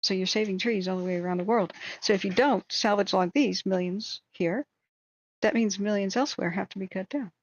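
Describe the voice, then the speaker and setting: Hoarse woman ranting angrily on a livestream. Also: medium pitch, brisk, lo-fi sound. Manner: angry, indignant, exasperated. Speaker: wildfire tracking livestream host.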